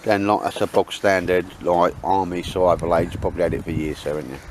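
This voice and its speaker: Bloke, deep-ish voice, banter-heavy camp chat, faint hiss behind. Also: male voice, steady tone, fast talker. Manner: banter-heavy, joking, ex-soldier slang. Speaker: camping vlogger. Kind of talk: casual outdoor chat. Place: outdoor woodland camp.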